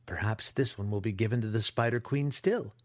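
A man voicing a young female dark elf in an audiobook, asking questions softly. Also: lowish voice, brisk, dry recording, studio quality, lightly acted. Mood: curious. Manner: soft, hushed questioning. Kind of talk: audiobook character voice.

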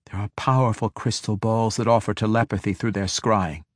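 A man's voice: fairly low pitch, steady tone, moderate pace, dry recording, clean studio sound, lightly acted. A man voicing a scheming, gleeful female elven priestess, speaking eagerly and exultantly in an audiobook. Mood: explaining.

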